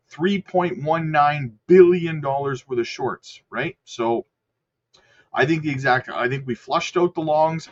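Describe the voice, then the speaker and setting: A man's voice: mid-range voice, lo-fi sound. A man giving casual, chatty market commentary on crypto charts, upbeat and talking straight to his viewers. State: hiccups.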